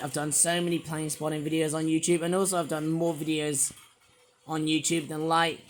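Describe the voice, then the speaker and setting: Hoarse man, sore throat, rambling casual toy-review vlogger with lots of restarts. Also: a little high, slight background noise. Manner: rambling, repeats fillers and restarts. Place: quiet room at home.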